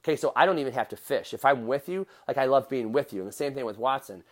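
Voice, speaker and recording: A man's voice: medium pitch, animated, fast talker. A middle-aged man hosting a motivational podcast, talking straight to his listeners in an earnest, direct way. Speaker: podcast host.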